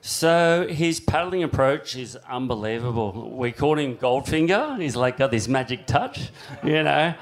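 A man with an Australian accent telling surf stories on a live stage, rambling and full of fillers, his voice jumping high when he acts out shouts. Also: unhurried, hardly any pauses. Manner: excitable storyteller, voice climbs high acting out shouts. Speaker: surfboard shaper and guest.

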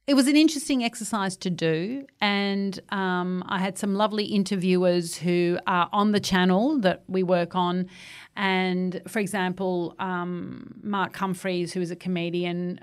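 Animated Australian woman, casual interview. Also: lowish voice, moderate pace, smooth. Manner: animated storyteller, playful quoted voices. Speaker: guest, TV host and improv performer.

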